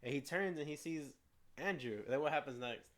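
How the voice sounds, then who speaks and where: A man's voice: a little high, fairly quick. A man co-hosting a casual movie review, eagerly retelling scenes and stumbling over his words. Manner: frequent restarts and stumbles. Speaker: co-host of a movie review show.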